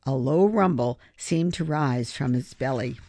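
An audiobook reader giving expressive scripted narration. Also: medium pitch, a little slow, no room sound, clean studio sound. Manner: expressive storytelling.

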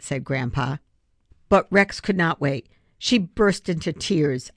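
A woman reading a children's chapter book aloud in a steady, expressive way. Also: rumbling low, a little slow, vocal fry, dry recording, studio quality. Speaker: storybook reader.

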